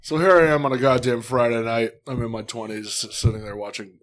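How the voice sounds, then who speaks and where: A young man casually telling a story, animated and swearing freely. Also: medium pitch, fast talker. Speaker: guest.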